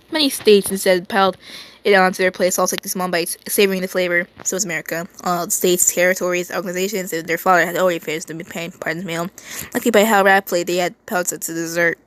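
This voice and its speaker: A woman's voice: lowish voice, fast, a bit bright. A woman reading a fan story aloud, often stumbling, repeating words and stopping to make asides. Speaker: reader.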